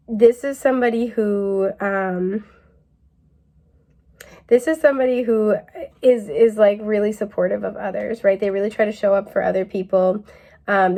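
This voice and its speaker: A woman walks through a pick-a-card tarot reading in a loose, laid-back way, with plenty of ums and frequent little laughs. Her mid-range voice is creaky, and now and then she shifts into a mellow drawl to quote someone.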